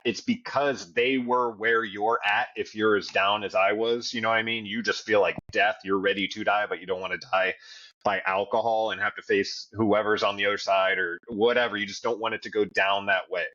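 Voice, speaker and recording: A man's voice: fairly low pitch, fairly even intonation, a little fast, sharp tone, muffled recording. Blunt man telling his recovery story. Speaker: podcast co-host. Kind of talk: candid recovery podcast conversation.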